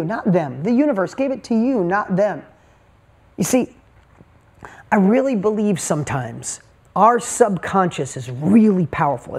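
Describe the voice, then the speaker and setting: On stage before a live audience, a woman motivational speaker talks in short, punchy bursts and throws rhetorical questions at the crowd. Her voice is medium in pitch, darkish and slightly rough.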